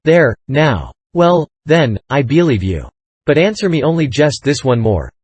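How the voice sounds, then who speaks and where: A man's voice: on the high side, sing-song, a little slow, a little mellow, husky, no echo, full character voice. A man voicing a sly old con-man king. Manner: sarcastic, then pleading.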